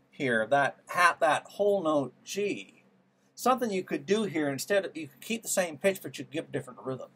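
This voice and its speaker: A man with a high, fairly bright voice and a breathy edge teaches music theory. He thinks aloud, testing ideas and musing as he works through them while a piano plays in the background.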